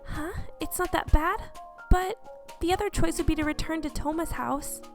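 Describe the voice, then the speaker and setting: A high-pitched woman reading a game aloud, voicing the lines and reacting expressively. Game music plays clearly underneath her. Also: moderate pace. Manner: expressive, reacting with gasps and exclamations. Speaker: gameplay video host.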